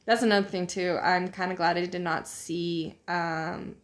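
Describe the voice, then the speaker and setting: A woman's voice: lowish voice, steady tone, moderate pace. A woman chatting casually while playing a game, giggling often and full of filler words. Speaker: co-host. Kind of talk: casual chat while gaming.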